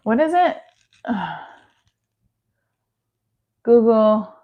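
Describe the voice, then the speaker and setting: A woman with a fairly high, expressive voice speaks very slowly, and the sound has a phone-like quality. She's hosting a live stream, reading out viewer comments and rambling casually in a chatty, self-deprecating way, often restarting her sentences.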